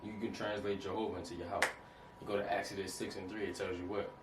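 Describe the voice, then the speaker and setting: A man's voice: low voice, little pitch movement, fast. A man giving an informal lesson over slides, casual and repetitive, often checking that the listener understands. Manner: repetitive, keeps asking "you understand that?"; casual, street-style phrasing. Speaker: Hebrew teacher. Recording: roomy, distant mic, faint noise.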